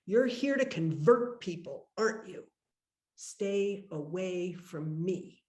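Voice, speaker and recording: Woman doing a wary older barfly, curt, suspicious, higher and louder, roomy echo. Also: animated, slow.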